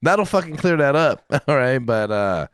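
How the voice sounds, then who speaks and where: A man's voice: mid-range voice, sing-song, normal speed, clean tone, no echo. A man co-hosting a podcast, chatting casually and telling rambling, profane stories in which he acts out what people said. His voice sits in an ordinary middle register. The sound is dry and close, with no room around it. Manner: profane, rambling storyteller who acts out quotes. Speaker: podcast co-host. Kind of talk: casual chat.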